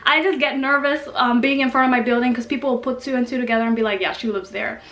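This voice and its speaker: A young woman from Kenya telling a story in a casual, animated, slangy and self-mocking way. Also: high-pitched, quick pace. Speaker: vlogger. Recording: echoey room with faint music.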